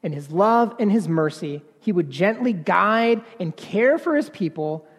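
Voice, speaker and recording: Slow, earnest man preaching in a hall. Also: sits high, lively intonation, husky. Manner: earnest, halting with repeated words, swelling to emphatic passages. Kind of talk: sermon.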